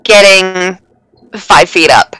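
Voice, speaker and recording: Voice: medium pitch, takes it slowly, sharp tone, smooth, no echo, poor audio. A player in a tabletop roleplaying game, playful and laughing often, making bold jokes. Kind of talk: casual tabletop play.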